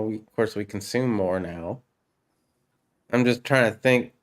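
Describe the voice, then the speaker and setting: A man hosting a casual chat, laid-back, laughing often and swearing freely. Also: fairly low pitch. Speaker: podcast host.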